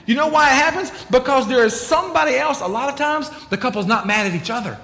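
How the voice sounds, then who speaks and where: A middle-aged man, a pastor, preaching a sermon in an animated, emphatic way, acting out quotes in different voices. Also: very high-pitched, fast talker, vocal fry. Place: large church hall. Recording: echoey hall with long reverb.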